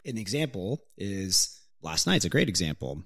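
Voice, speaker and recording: A man's voice: low-pitched, big pitch swings, moderate pace, dry recording, clean studio sound. A man co-hosting a podcast with his partner, teasing and laid-back in casual chat. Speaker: podcast co-host.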